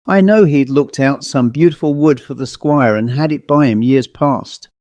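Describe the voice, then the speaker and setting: A man's voice: mid-range voice, moderate pace, darkish tone, no room sound, lo-fi sound, lightly acted. A man voicing a fretful rustic parish clerk. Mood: shocked. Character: deferential, easily shocked male parish clerk.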